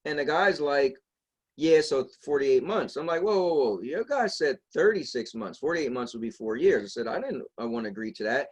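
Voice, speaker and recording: A man's voice: mid-range voice, moderate pace, breathy edge. A man co-hosting a podcast, telling a long story in casual chat and acting out the people he quotes. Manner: animated, acts out quoted voices. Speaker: podcast co-host.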